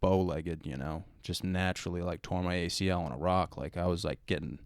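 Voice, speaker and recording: A man's voice: low voice, fairly even intonation, a little fast, clear, resonant tone, dry recording, clean studio sound. A young man, hosting a podcast and rambling through a story in loose, casual chat. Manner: rambling storytelling with many likes and mans. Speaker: podcast host.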